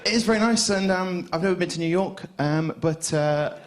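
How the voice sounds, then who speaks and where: A man's voice: sits high, normal speed, slight background noise. A young man doing a stand-up set on a club stage, rambling and hesitant with lots of restarts. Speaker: stand-up comedian.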